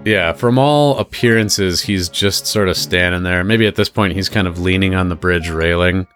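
A man narrating as game master of a tabletop game, talking in a relaxed, rambling way with many fillers. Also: low-pitched, moderate pace, soft background music.

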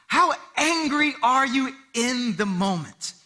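A man's voice: extremely high pitch, slow pace. A man in his thirties preaching a sermon in church, telling family stories and acting out the voices. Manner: animated storytelling, acting out voices and cries. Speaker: pastor.

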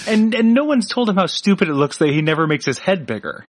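A man's voice: high-pitched, very animated, quick pace, no room sound, studio quality. A man co-hosting a casual podcast, recapping a cartoon episode in a rambling, joking way with frequent restarts. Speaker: podcast co-host.

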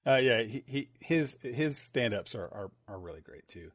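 Halting podcast host, dry close mic. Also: male voice, mid-range voice, animated, no room sound. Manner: halting, restarts words often. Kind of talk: casual chat.

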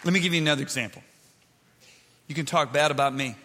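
A middle-aged man preaching a sermon to a live crowd, swinging between loud shouted points and soft, confiding asides. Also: a little high, fast talker, noisy background. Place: large hall with an audience. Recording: long hall reverb.

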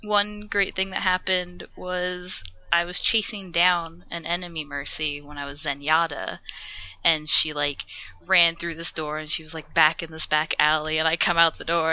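A woman's voice: low voice, pushed and bright, clear, resonant tone, dull audio. A woman co-hosting a casual podcast, telling rambling, giggly stories about her games. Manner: rambling, giggly gamer storytelling. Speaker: podcast co-host.

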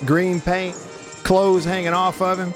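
A man hosting a radio show, telling stories in a folksy, animated way and laughing often. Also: sits high, unhurried, over music. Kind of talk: casual radio talk and storytelling.

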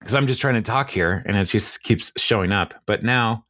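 A man with a fairly low voice hosts a podcast, chatting loosely and rambling, with frequent chuckles as he walks through a story. The sound is dry and close, with no room around it. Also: normal speed, a bit bright, no echo. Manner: rambling, chuckles often, retells a TV episode. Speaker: podcast host. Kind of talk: casual chat.

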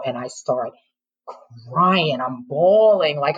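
A woman's voice: rumbling low, moderate pace, husky, rough recording. A middle-aged woman, a former teacher, frankly telling her personal story in an interview, with emotion and occasional laughter.

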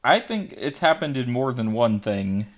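A man's voice: medium pitch, sing-song, moderate pace. A man co-hosting a podcast, casually questioning the logic of a movie plot. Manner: questioning, picks at plot holes. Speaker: podcast co-host. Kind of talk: casual chat.

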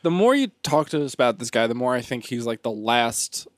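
A man's voice: medium pitch, animated, fairly quick, no room sound. A man joking through a casual podcast chat with a mid-range voice. The sound is dry and close.

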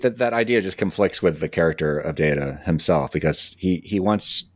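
Deep-voiced man, halting and enthusiastic. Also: animated, dry recording. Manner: halting, many restarts, enthusiastic. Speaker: podcast co-host. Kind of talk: casual chat.

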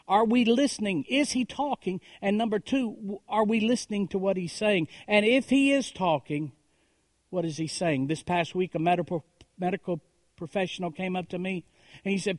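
A man preaching a sermon as a pastor, building on repeated phrases and rhetorical questions, moving between hushed lines and raised, emphatic calls. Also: high-pitched, no echo, studio quality. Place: church.

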